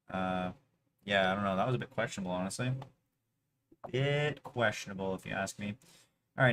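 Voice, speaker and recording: This man streams his workday, muttering half-finished phrases to himself and pleading out loud with an online chess opponent. His voice is fairly low and fairly bright, with a faint hiss or hum in the casual livestream audio.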